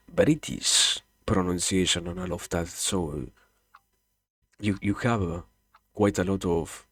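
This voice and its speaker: A man's voice: low-pitched, slightly rough, no room sound. A man from Argentina with an Argentine Spanish accent, chatting casually with viewers as a streamer, hesitant with many fillers and restarts.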